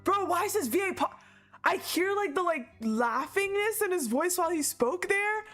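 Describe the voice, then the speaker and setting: A woman's voice: very high-pitched, animated, normal speed, a bit bright. A woman streaming her reaction to a game, reading the story aloud and laughing a lot. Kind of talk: casual live reaction.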